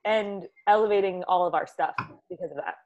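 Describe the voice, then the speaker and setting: A woman's voice: mid-range voice, fairly quick, a little mellow, highs cut off. A giggly, emotional woman wrestler on a group video call.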